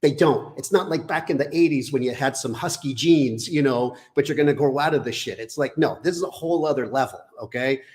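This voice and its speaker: A man's voice: medium pitch, fairly quick, few pauses, a little mellow. A middle-aged man, a fitness trainer, ranting bluntly and profanely in a casual podcast chat.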